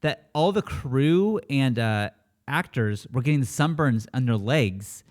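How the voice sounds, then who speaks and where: A man's voice: medium pitch, expressive, takes it slowly, a little mellow. A man co-hosting a casual movie podcast, talking loosely and swearing now and then. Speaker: podcast co-host.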